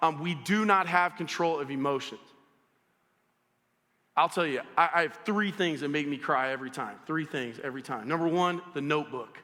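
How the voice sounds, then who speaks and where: A man delivers a sermon in a high, bright voice with a sharp, forceful edge. He speaks to the crowd directly and tells stories with lively energy. His voice carries a long reverb from a church hall. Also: moderate pace. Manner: animated storytelling, addresses the audience directly. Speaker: pastor. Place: church auditorium.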